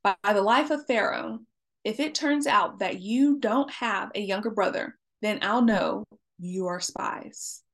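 A woman reading the lines of a stern male governor who accuses strangers, in a slow, deliberate and insistent delivery. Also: medium pitch, fairly bright tone, natural voice.

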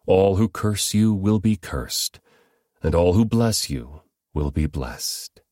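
A man voicing an aged, grave father who speaks in slow, solemn pronouncements. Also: sits low, lively intonation, dark tone, dry recording, clean studio sound.

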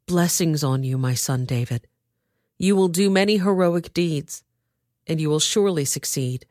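A woman's voice: deep voice, moderate pace, a little mellow, no echo, clean studio sound, close to an everyday voice. Woman reading sorry old king saul, contrite, slightly raised voice. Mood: blessing. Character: older man King Saul, remorseful. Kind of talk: Bible reading.

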